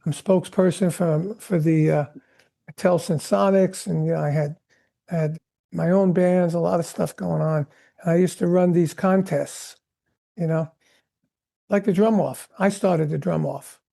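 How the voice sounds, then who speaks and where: An older man, a veteran drummer, telling animated stories in a podcast interview and acting out the voices of the people he quotes. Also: on the high side, measured pace, gravelly. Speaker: guest drummer.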